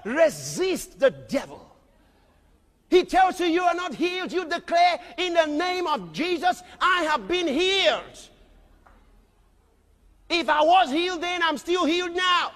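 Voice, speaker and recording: A man preaching a sermon as a pastor, emphatic, often shouting and questioning his crowd. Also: very high-pitched, lively intonation, normal speed. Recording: long reverb of a large hall.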